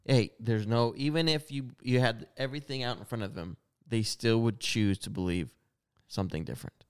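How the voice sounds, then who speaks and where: A man's voice: mid-range voice, normal speed, clean tone. A man co-hosting a podcast, chiming in emphatically in casual banter. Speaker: podcast co-host. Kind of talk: casual chat.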